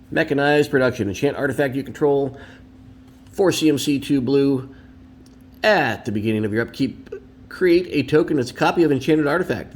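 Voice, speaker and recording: A man's voice: medium pitch, darkish tone, breathy edge. A man hosting a casual card-opening video at home, chatty and opinionated, with rambling asides. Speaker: card collector and video host.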